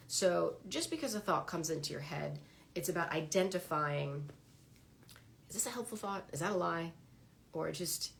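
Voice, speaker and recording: Low gravelly woman, chatty livestream. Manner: chatty, animated, acts out her own inner dialogue. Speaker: vlogger sharing her therapy experience. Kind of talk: casual livestream monologue. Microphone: phone or webcam on a livestream.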